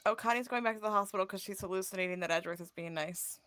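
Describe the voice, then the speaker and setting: A woman's voice: medium pitch, racing, a bit bright, slight background noise. A woman chatting playfully with other players during an online tabletop game. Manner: playful, laughs a lot.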